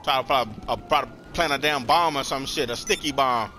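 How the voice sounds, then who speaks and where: A man's voice: mid-range voice, fast, a little hiss or hum. A young man giving live gameplay commentary, slangy and trash-talking other players. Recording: loud game sounds under the voice.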